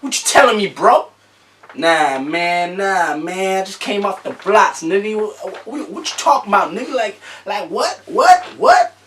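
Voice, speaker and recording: A man's voice: high-pitched, big pitch swings, measured pace, fairly bright tone, recorded from a distance, a little hiss or hum, voice pushed up, full character voice. A young man putting on a mock American accent to play a brash, confrontational street guy with swaggering slang.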